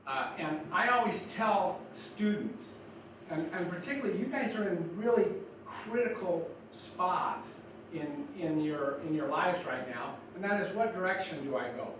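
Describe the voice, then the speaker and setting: A man's voice: sits high, lively intonation, measured pace. Folksy older man speaking in an echoey hall. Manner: folksy, rambling with many restarts. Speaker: guest speaker. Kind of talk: speech to students. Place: college lecture room. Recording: echoey hall from far off, noisy.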